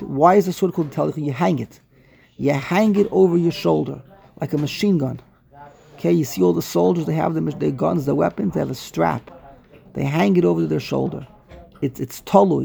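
A man teaching a scripture class in a lively, repetitive way, acting out the dialogue as he explains. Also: a little high, moderate pace, vocal fry. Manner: animated, repetitive, acts out the dialogue.

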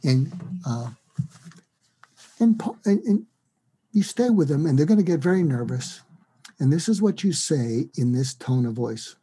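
A man, a psychiatrist, explaining a technique as an interview guest, animated and acting out bits of sample dialogue. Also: on the high side, a little slow, long pauses, breathy edge.

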